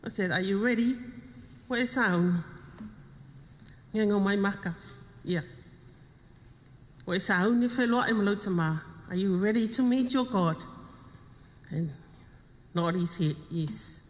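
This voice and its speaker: At a funeral, a middle-aged woman with a Samoan accent and medium pitch gives a eulogy as the widow of the deceased. She speaks in halting, heartfelt fragments, moving slowly from one short phrase to the next, and a long reverb rings through the service hall.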